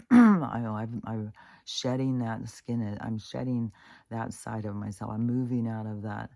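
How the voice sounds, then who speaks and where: A woman's voice: extremely low pitch, warm tone, dry recording, clean studio sound. A woman venting in a casual spoken monologue, rambling and profane, with restarts and laughs. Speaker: vlogger.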